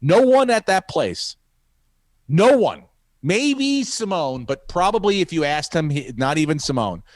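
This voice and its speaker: A man's voice: a little high, sing-song, measured pace, no echo. A man hosting a podcast who rambles through a profane story and acts out the quotes. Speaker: podcast host, comedian. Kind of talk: casual storytelling.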